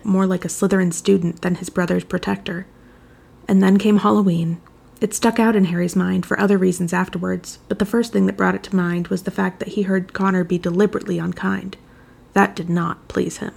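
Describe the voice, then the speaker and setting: A woman reading fan fiction aloud in a steady, measured storytelling manner. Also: medium pitch, vocal fry. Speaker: narrator.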